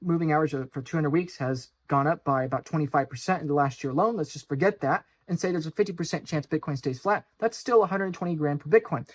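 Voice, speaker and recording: Talking fast with hardly any pauses, a finance channel host gives a direct-to-camera monologue that's urgent and insistent. Repeated phrases pile up as he alternates between low, grave warnings and loud, mocking outbursts.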